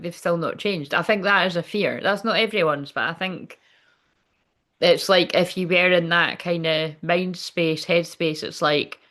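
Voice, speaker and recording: A woman's voice: on the low side, fairly bright tone. A woman giving a casual tarot reading, chatty and frank, swearing often and laughing as she talks. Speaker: tarot reader.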